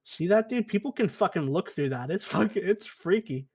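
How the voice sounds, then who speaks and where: This young basement podcast co-host has a high-pitched, animated voice with a darkish, slightly rough tone at a normal speed. Laid-back and casual, he curses constantly and calls everybody "dude."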